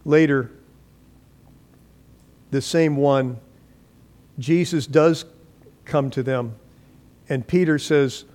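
A man's voice: mid-range voice, very slow, pauses often, a little mellow. A pastor preaching a sermon, telling stories dramatically and acting out the voices of the people he quotes. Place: church.

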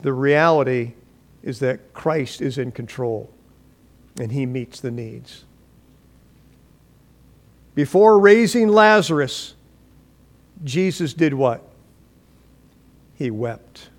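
A man's voice: mid-range voice, slow pace, long pauses. A pastor preaching a sermon, telling stories dramatically and acting out the voices of the people he quotes. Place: church.

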